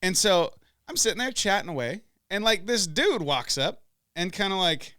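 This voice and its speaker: A man hosting a podcast, telling stories in a loud, profane, animated way. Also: high-pitched, moderate pace, no room sound, studio quality. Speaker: podcast host. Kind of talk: casual chat, storytelling.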